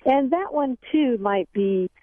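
A woman's voice: sits high, lively intonation, takes it slowly, no room sound. A woman guest on a radio talk show, chatting about word pronunciation with many restarts and laughs, heard over a phone line. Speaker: language expert guest. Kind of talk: casual radio interview.

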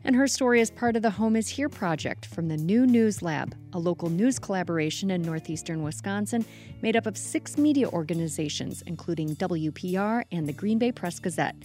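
A woman host and producer introducing and closing a public radio segment in a measured announcing style. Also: fairly low pitch, lively intonation, darkish tone, faint music behind.

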